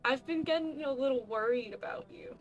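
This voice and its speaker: A friendly, folksy neighbor man from a video game, played by a woman, in a put-on accent that is almost Boston but not quite. He talks in a loud, chummy way, and the voice sits a little high. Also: a little fast, dull audio, soft background music, natural voice. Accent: vague put-on Boston-like accent. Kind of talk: game voice acting.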